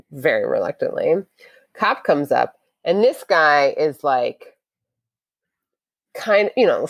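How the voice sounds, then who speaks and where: A woman, a podcast guest, telling a story in a casual interview, lively and acting out what people said. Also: low-pitched, no echo.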